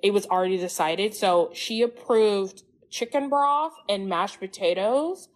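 A woman's voice: mid-range voice, a little slow. A young mother joining a casual chat over her phone, earnest and chatty as she explains from experience. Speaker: guest mother. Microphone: phone on a call.

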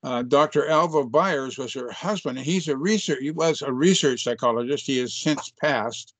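A man's voice: medium pitch, normal speed, fairly bright tone, no room sound. An older man, a chiropractor, telling a story in an interview in an earnest, reflective way, often restarting his sentences. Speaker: chiropractor guest.

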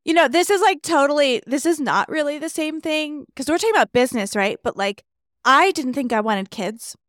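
Woman co-host, somewhat high voice, chatty, dry close sound. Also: animated, a little fast, fairly bright tone, no echo. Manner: chatty, personal anecdotes. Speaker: podcast co-host. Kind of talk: casual chat.

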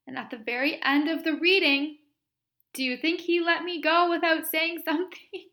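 A woman hosting a podcast, tearful and sniffling as she earnestly tells a story, laughing softly between phrases. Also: extremely high pitch, steady tone, normal speed. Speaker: podcast host and Reiki practitioner. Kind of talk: casual solo podcast storytelling.

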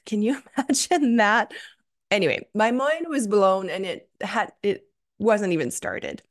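A woman's voice: mid-range voice, animated, measured pace. A young adult woman hosting a solo podcast, telling a story with gushing enthusiasm and many fillers. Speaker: podcast host.

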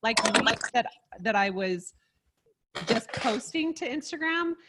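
A woman co-hosting a podcast, chatting casually and enthusiastically, quick to agree and to laugh. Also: a little high, lively intonation, heavy background noise. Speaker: co-host.

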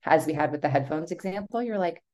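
Woman podcast guest, very low voice, animated, acts out her thoughts, casual chat. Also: quick pace. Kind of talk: casual conversation.

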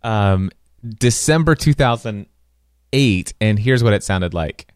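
A man's voice: on the low side, expressive, slow, clean tone, no echo, studio quality. A man in his forties hosting a podcast, chatting loosely and laughing at his own slips. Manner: chatty, rambling, laughs at himself. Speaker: podcast host. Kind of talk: casual chat.

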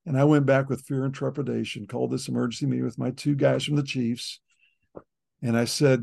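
A middle-aged man shares a personal testimony in an interview, earnest and plain-spoken. His voice is deeply gravelly and husky, with a dark, low-lit tone. He circles back and repeats words as he works through hard memories. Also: fairly even intonation, fairly quick. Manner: earnest storytelling, repeats words when emotional. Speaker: ministry leader, guest.

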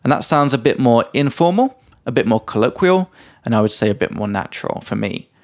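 A man co-hosting a podcast, explaining English grammar in a relaxed chatty way with lots of examples and the odd swear word. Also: medium pitch, a little fast. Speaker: podcast co-host and English teacher. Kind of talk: casual teaching chat.

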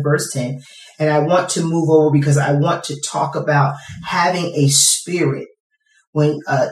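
A preacher delivering a sermon with emphatic repeated phrases, recorded from a distance in a hall. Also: mid-range voice. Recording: roomy echo, distant mic.

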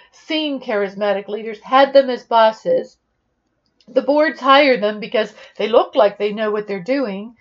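A woman leadership coach giving a podcast monologue, speaking in a deliberate, instructive way. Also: on the high side, muffled recording.

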